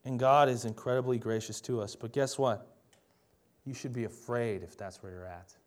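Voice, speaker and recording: A young adult man preaching a sermon in a conversational, emphatic way, often asking the listeners rhetorical questions. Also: mid-range voice.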